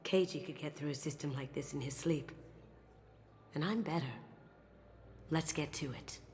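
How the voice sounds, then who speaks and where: A woman's voice: sits low, normal speed, darkish tone, long reverb tail, slight background noise, natural voice. A woman voicing a sly young female master thief in a video game, cocky and playful. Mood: confident. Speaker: game character.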